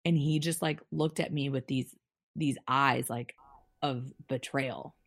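A young adult woman telling a personal story as a podcast guest, candid and halting, with many restarts. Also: a bass voice, steady tone, no echo.

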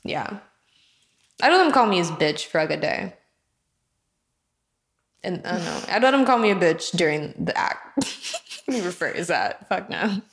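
A woman in casual, explicit chat, talking in an animated way, swearing and laughing often. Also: lowish voice, moderate pace, vocal fry, long pauses. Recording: echoey room.

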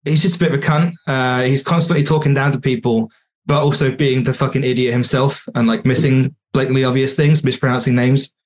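A man talking casually on a podcast, mid-pitched and easygoing. He swears freely and pokes fun at himself as he talks. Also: fairly even intonation, fairly quick. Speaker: YouTube video creator, podcast guest.

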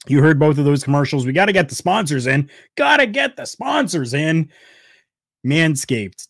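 A man hosts a podcast in a casual, heartfelt way, his voice jumping from loud bursts to quiet, soft asides. His voice sits at an ordinary middle pitch. The sound is dry and close, with no room echo. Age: adult, former wrestler. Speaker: podcast host.

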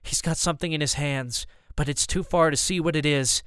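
A man reading a first-person adventure audiobook in a steady, even storytelling manner. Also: on the high side, fairly quick, clear, resonant tone, no echo, clean studio sound. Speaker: audiobook narrator. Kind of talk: scripted first-person narration.

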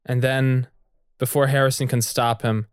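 A man's voice: mid-range voice, little pitch movement, moderate pace, clean tone, no room sound. A man improvising a spooky story with a jokey, stammering delivery. His voice sits in a middle range, recorded close and dry with no room sound. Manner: jokey, laughs often, stammering restarts. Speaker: co-narrator of a story podcast.

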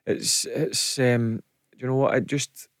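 A man's voice: medium pitch, fairly even intonation, takes it slowly, smooth, no echo. A Scottish man and former footballer giving plain-spoken, emphatic punditry on a studio radio show.

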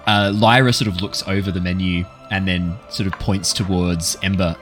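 A man's voice: deep voice, fairly even intonation, normal speed, hardly any pauses, a bit bright, faint music behind. A man, the dungeon master of a tabletop game, narrating vividly and laughing often.

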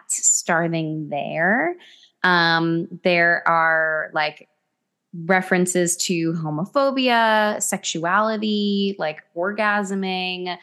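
A laid-back woman co-hosting a podcast, taking her time and pausing between thoughts. Her voice is slightly low and her delivery unhurried. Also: a bit bright, smooth. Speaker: podcast co-host. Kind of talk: casual podcast chat.

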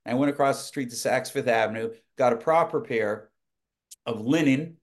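A man guest on a podcast, telling lively anecdotes in casual conversation, often restarting his sentences. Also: mid-range voice, moderate pace. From United States. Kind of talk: casual storytelling.

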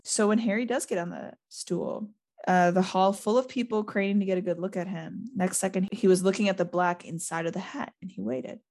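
A woman hosting a podcast reads chapters aloud and pauses to recap them with a guest. Her voice sits at a middling pitch, and her reading is lively and quick, broken by small laughs. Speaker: podcast host.

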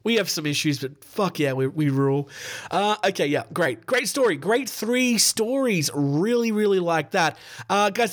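A young Australian man hosting a podcast, reading news stories with sweary, laughing asides and sounding tired. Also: high voice. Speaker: podcast host.

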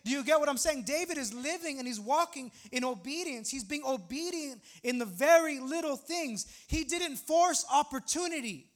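A man in his thirties delivers a sermon as pastor, speaking in an unusually high voice. He talks to the congregation casually and with humor. Now and then he builds into emphatic, near-shouted points. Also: animated, normal speed, few pauses. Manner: conversational, humorous preaching with rising emphatic outbursts.

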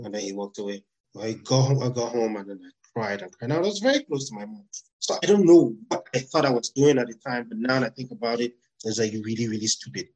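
Male therapist guest, thoughtful, halting delivery, mid pitch. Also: a little mellow, low-quality recording. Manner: reflective, halting with many fillers. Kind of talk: casual interview.

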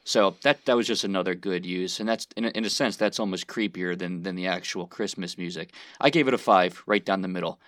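A man with a deep, low voice talks loosely and at length, filling his thoughts with ums and you-knows. The sound is dry and close, with no room around it. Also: brisk, few pauses, a bit bright, no echo. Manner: rambling, thinking aloud with fillers. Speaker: podcast co-host, movie reviewer. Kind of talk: casual chat.

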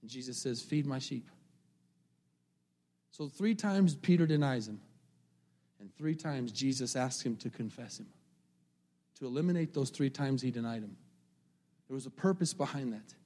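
A male pastor preaching a sermon, mixing casual asides to the congregation with slow, rising emphasis on scripture. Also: medium pitch, expressive, warm tone.

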